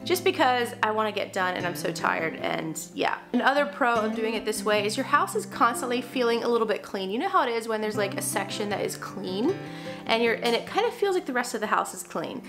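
Chatty young mom, filler-heavy. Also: female voice, a little high, very animated, fairly quick, music in the background. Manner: chatty, frequent "like" fillers, self-deprecating asides. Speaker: vlogger and mom. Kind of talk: casual talk to camera while cleaning.

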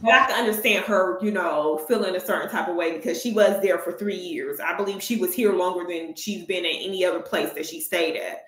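A woman's voice: lowish voice, a bit bright. Woman reaction host, sassy and doubting, roomy echoey sound. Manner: sassy, skeptical, drawn-out asides. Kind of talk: reaction commentary.

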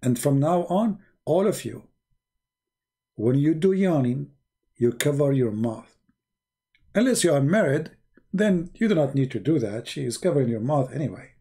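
Male debater, husky tone, mocking sarcastic monologue, theatrical swings. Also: fairly high pitch, expressive, moderate pace, pauses often, warm tone. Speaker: online religious debater.

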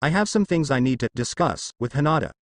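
A man gives voice to a composed adult woman ninja teacher with a dry, teasing way of talking. Her lines move with lively pitch, recorded close and dry. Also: fast, dry recording, natural voice. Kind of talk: fan fiction reading.

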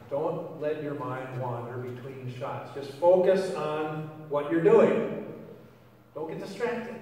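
A man's voice: on the high side, darkish tone, a little hiss or hum. A man preaching a casual, rambling sermon full of fillers and restarts, as pastor of his church. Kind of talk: conversational sermon. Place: church sanctuary. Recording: echoey church hall, mic far off.

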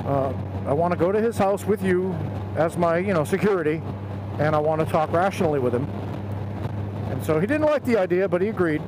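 A man's voice: on the high side, moderate pace. A middle-aged man motovlogging, casually telling a story from his youth and acting out the voices of the people in it. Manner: animated storyteller, acts out quoted voices. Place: outdoors on a motorcycle. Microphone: helmet headset mic. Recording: road and traffic noise behind.

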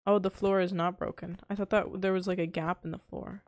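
A woman's voice: lowish voice, level tone, a little fast, a little mellow, no room sound. A young woman streaming a video game live, chatting in a confused, self-mocking way as she plays.

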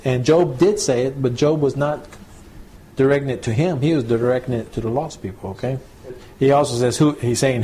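A male pastor giving a conversational Bible teaching, checking in with listeners and slowing down to read scripture aloud. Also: medium pitch, mellow, breathy edge. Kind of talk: home church Bible teaching.

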